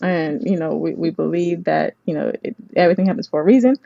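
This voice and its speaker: A woman's voice: on the low side, fast talker, vocal fry, no echo, highs cut off. A woman who writes screenplays and supervises scripts tells stories animatedly in a casual interview, often restarting her sentences. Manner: animated storytelling, many restarts.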